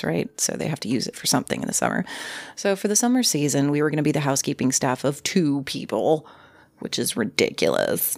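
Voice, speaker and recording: A woman casually telling a ghost story from her youth, lively and acting out creaking sounds and other people's voices. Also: low-pitched, no echo. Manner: animated, acts out creaks and quoted voices.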